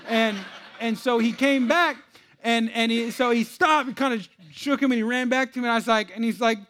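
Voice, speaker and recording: Guy preaching, high voice, gets loud then drops real quiet, asks the crowd stuff. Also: fast talker. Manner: swings from loud shouting to hushed, asks the crowd questions. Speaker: pastor. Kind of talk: sermon.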